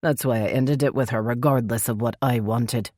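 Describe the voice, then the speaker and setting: A woman's voice: rumbling low, moderate pace, a little mellow, no echo, clean studio sound. A woman voicing a brooding male elf crown prince who speaks curtly and growls. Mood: stern. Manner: gruff, curt, growling.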